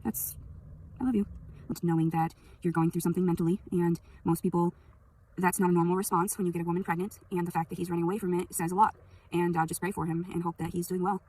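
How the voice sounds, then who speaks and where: A young woman in a rambling, profane venting monologue, swinging between loud anger and quiet sadness, recorded on a phone. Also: on the low side, level tone, quick pace, distant mic, a little hiss or hum. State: sleepy.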